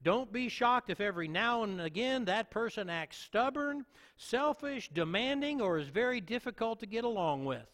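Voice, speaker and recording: Earnest and emphatic, a male pastor with a notably high, fairly bright voice preaches and keeps returning to repeat his main points. He sounds animated at a moderate pace, with a long reverb suggesting a large sanctuary.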